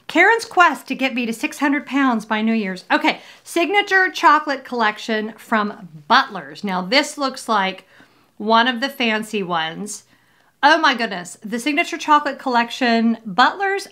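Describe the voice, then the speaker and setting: Bright, cheerful woman vlogger. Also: fairly high pitch, lively intonation, unhurried. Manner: cheerful, rambling, self-joking. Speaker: vlogger host. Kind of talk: casual unboxing chat.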